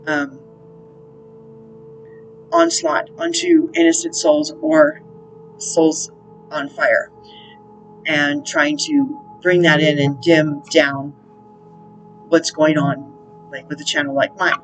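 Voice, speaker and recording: A woman's voice: sits low, little pitch movement, slow pace, long pauses, faint music behind, poor audio. A woman hosting her own spiritual channel, talking in a rambling, casual monologue with plenty of fillers and the odd swear word. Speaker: spiritual counselor and channel host.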